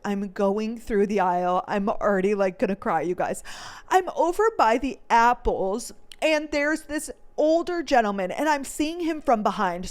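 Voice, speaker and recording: A woman in her twenties, a podcast host from North Dakota, telling a story in a chatty, emotional way full of filler words. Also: medium pitch. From North Dakota, USA. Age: 20s. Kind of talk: casual storytelling chat.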